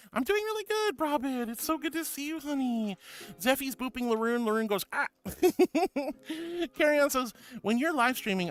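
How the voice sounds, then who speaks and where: A man streaming and reading his chat aloud, affectionate and playful, calling viewers sweetie and honey and shrugging off compliments. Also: high-pitched. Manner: playful, self-deprecating. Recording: loud music behind the voice.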